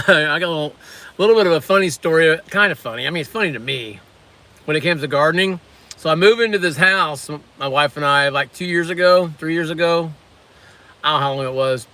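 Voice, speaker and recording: This livestream host, a man with a bright, fairly high voice, talks a little fast while reviewing snacks during his lunch break at a waterfront work site. The casual chat wanders, and he reads comments out loud as he goes.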